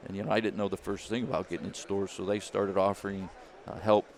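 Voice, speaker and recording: Man, low gravelly voice, animated storyteller, faint background hiss. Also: fast talker. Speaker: jerky company founder, former caddie. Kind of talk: storytelling interview.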